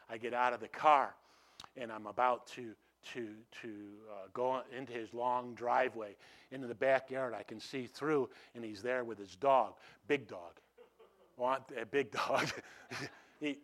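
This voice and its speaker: A man preaching a sermon, telling stories with animated swings from hushed to loud and frequent restarts. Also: mid-range voice. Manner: repeats and restarts phrases. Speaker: pastor.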